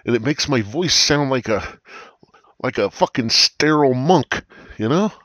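Husky, foul-mouthed male podcast host. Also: mid-range voice, lively intonation, measured pace, a bit bright, no echo. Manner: profane, meandering, crude storytelling. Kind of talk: rambling comedic monologue. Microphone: cheap gaming headset.

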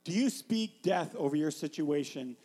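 A man's voice: fairly high pitch, animated, moderate pace, warm tone, husky, in a large hall. A man preaching a casual, rambling sermon, full of fillers, often stopping to put questions to his listeners.

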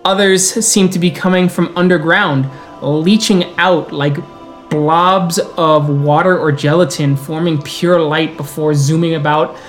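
A man running a tabletop role-playing game as storyteller, mixing unhurried scene narration with quick rules calls. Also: a little high, fairly even intonation, soft background music.

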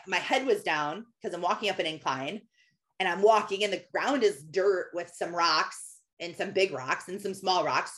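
A woman's voice: fairly low pitch, fairly bright tone. Chatty woman telling a faith story. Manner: chatty storytelling, many "like" fillers. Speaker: Christian speaker. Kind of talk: personal faith talk.

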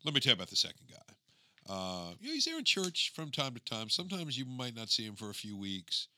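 A man co-hosting a podcast in casual chat, talking in an animated, emphatic storytelling way. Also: medium pitch, fast. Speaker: podcast co-host.

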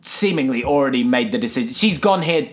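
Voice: medium pitch, animated, brisk. A podcast co-host, casually recapping a musical, swearing and laughing as they retell scenes. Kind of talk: casual chat reviewing a musical.

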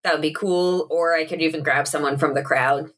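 A woman in a tabletop game talks through her character's plans. She hesitates and thinks out loud as she goes. Her voice sits fairly low. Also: steady tone, a little fast. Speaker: player.

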